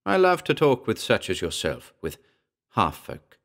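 A man voicing a mocking, invisible male spirit with a shrill, metallic voice, in a horror audiobook reading. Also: wildly swooping pitch, unhurried, gravelly, fairly bright tone, heavily acted. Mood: derisive. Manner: derisive, taunting.

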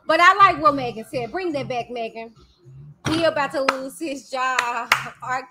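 A woman with a Texan accent hosting a live stream, talking candidly and lively straight to her viewers. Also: high-pitched, slow, long pauses, slight background noise. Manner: lively and candid, talks straight to viewers with "y'all" and "you know what I'm saying". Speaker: livestream host. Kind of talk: casual live-stream commentary.

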